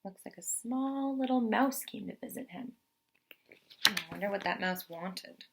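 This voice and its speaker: A young woman teacher reading a picture book aloud to children, expressive and pausing to ask questions. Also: mid-range voice, vocal fry, a little hiss or hum. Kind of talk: children's story read-aloud.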